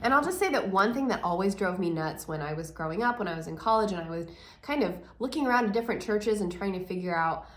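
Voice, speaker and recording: A woman with a mid-range voice speaks with lively emphasis, like a pastor sharing her views in a casual church video. The room echoes noticeably around her voice. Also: medium pitch, fast. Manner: animated, emphatic storytelling.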